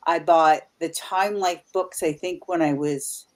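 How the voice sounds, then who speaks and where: A woman's voice: sits low, steady tone, measured pace. Rambling Canadian woman in her fifties. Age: 50s. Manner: rambling, full of restarts and asides. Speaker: guest paranormal investigator. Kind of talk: casual chat.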